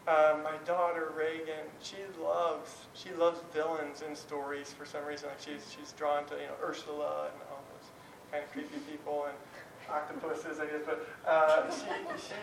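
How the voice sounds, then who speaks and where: A man's voice: a little high, vocal fry. Give me a man giving a rambling, candid sermon, heard from a distance in a roomy space. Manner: rambling and candid, with many restarts. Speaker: speaker giving a talk on prayer. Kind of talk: conversational sermon. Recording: roomy, distant, faint noise.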